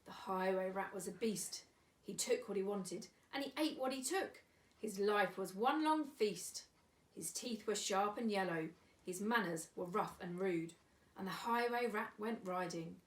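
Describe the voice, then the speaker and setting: Woman storyteller, sing-song rhymes, recorded at a distance from the mic. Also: medium pitch. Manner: sing-song rhyming delivery. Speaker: volunteer storyteller. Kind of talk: children's picture-book reading. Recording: echoey room, away from mic.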